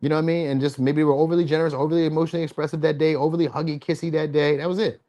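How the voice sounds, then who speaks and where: Man, tarot vlogger, slightly high voice; casual, profane, playful, with squeaky mock voices. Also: level tone, very fast, mellow. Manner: loose, profane, joking delivery; slips into high-pitched mock voices when quoting. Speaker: tarot reader. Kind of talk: casual tarot reading vlog.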